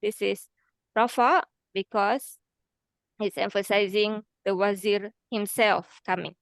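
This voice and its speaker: A woman's voice: medium pitch, fairly even intonation, slow pace, no echo. A woman, teaching an Arabic grammar class patiently, step by step, with frequent "okay"s. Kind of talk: online class explanation.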